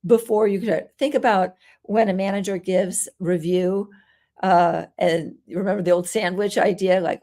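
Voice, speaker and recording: Woman coaching parents in a gentle explanatory tone. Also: medium pitch, steady tone, moderate pace. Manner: gentle, explanatory, acts out soothing parent lines. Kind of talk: solo coaching talk.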